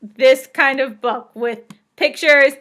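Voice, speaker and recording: A woman's voice: high voice, fairly even intonation, takes it slowly, sharp tone. A young woman chatting casually in a book vlog, bubbly and gushing. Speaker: book vlogger. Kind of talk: casual chat.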